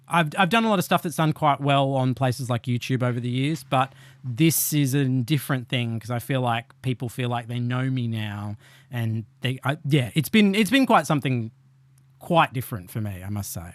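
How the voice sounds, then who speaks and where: Animated man, dry close sound. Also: medium pitch, no room sound. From Australia. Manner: animated, self-deprecating, quick asides. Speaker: podcast guest. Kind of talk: conversational interview. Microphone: remote call.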